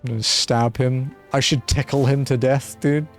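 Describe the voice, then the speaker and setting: A man's voice: mid-range voice, steady tone, moderate pace. A young man streaming a game, commenting casually in a joking, slangy way. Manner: joking, laid-back, slangy. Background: faint game music.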